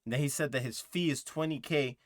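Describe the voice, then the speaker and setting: A man's voice: medium pitch, fairly quick, no room sound, clean studio sound. A man hosting a music reaction video, thinking aloud in a rambling, casual way with lots of fillers and asides.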